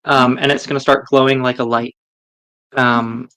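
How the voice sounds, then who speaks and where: A man playing a tabletop game, eager and halting with frequent ums. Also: medium pitch, little pitch movement, bright, forceful tone, smooth, dry recording. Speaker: player. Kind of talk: casual tabletop play.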